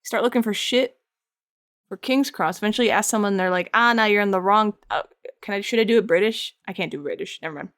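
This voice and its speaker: A woman's voice: mid-range voice, quick pace. A woman streaming her art, chatting casually while she sculpts, rambling, laughing often and answering her chat. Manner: reads chat aloud and answers it.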